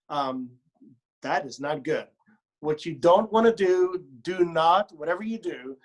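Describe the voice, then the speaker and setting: A man leading a choir rehearsal, coaching pronunciation and word stress, modeling phrases by speaking and singing them, with playful joking asides. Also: a little high. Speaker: choir director. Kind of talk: choral rehearsal instruction.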